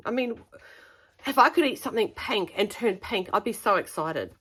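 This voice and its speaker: A woman's voice: medium pitch, lively intonation, normal speed, fairly bright tone, husky, low-quality recording. A middle-aged woman, chatting in a rambling, self-deprecating way as she shows off her sewing. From New Zealand. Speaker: sewing vlogger. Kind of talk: casual chat showing handmade items.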